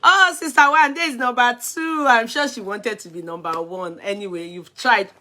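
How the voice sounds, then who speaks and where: A woman's voice: a little high, moderate pace, pushed and bright. A middle-aged Nigerian woman with a Nigerian accent, chatting affectionately on a live stream and laughing often. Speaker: vlogger. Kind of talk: casual live-stream chat.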